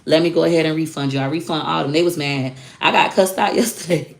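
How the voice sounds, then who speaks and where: A woman with a low, gravelly voice full of vocal fry speaks bluntly and animatedly to her viewers. She sounds outspoken and unfiltered, talking off the cuff in a casual livestream. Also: quick pace. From Florida. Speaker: online social media course teacher.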